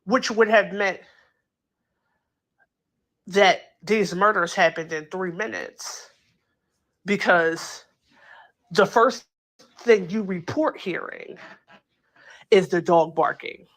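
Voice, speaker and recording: A woman hosting a casual true crime chat, talking it through in an animated, incredulous way and acting out quotes, with plenty of filler words. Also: medium pitch, slow, long pauses. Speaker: true crime channel host. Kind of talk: casual commentary.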